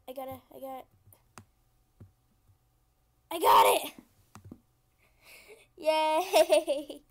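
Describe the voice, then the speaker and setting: High-voiced woman narrating her gameplay. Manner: chatty, easily frustrated, giggly. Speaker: gaming channel host. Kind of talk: casual game commentary.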